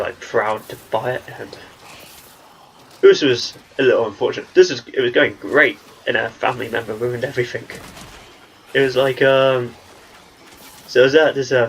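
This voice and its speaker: A man's voice: medium pitch, fairly bright tone, a little hiss or hum, poor audio. A young man with an English accent, talking in a rambling, chatty way as he commentates on his gameplay. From England. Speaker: gaming channel host.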